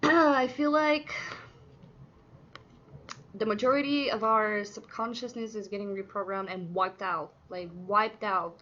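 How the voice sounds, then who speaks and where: An earnest woman talks through a tarot reading in a loose, chatty way, full of fillers and bursts of excitement. Her voice is bright and clear-toned. The recording sounds a little dull and lo-fi. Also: mid-range voice. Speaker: tarot reader.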